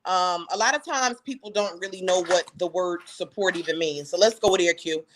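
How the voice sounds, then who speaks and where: Lively New woman chatting casually. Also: on the low side, slight background noise. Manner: animated, quick bursts, casual slang. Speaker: co-host and author. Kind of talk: casual livestream chat.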